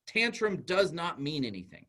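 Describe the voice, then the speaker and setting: A man's voice: fairly high pitch, sing-song, normal speed, bright, forceful tone. A man, a school psychologist, giving an informal, conversational talk to parents and acting out little dialogues as he goes.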